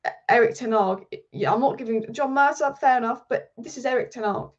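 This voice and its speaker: A woman with a fairly high voice hosts her football channel and rattles off lists of players in a passionate, rapid-fire monologue. Her talk is casual and animated. The audio is slightly dull and lo-fi.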